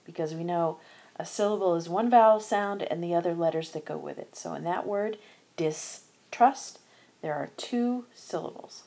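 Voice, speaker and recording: A woman's voice: on the low side, fairly quick, creaky, dark tone. A woman narrating an instructional screencast as a teacher, methodically sounding out letters and syllables one by one. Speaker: teacher educator.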